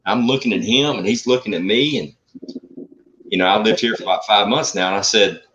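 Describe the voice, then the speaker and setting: A man telling a story in a blunt, profane, animated way in casual talk. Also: fairly low pitch, quick pace. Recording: muffled lo-fi audio.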